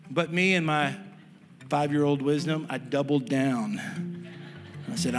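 A man preaching as a pastor, telling a childhood story with lively, animated delivery and acted-out family voices. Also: a little high, normal speed, big-room sound, faint music behind. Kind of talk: sermon storytelling. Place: church sanctuary.

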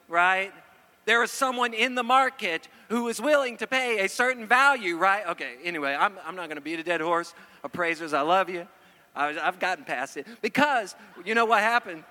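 A man with a high, very bright voice delivers a sermon in a lively, joking way, tossing questions out to the audience. His voice rings through a large hall with long reverb. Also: moderate pace. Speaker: preacher. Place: church hall before an audience.

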